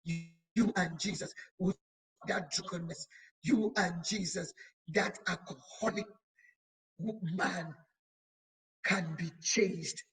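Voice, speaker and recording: Slow, emphatic woman preaching. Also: lowish voice, steady tone, breathy edge, low-quality recording. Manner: emphatic, repetitive exhortation; slow, deliberate delivery with stretched words. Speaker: bishop preaching. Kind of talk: sermon.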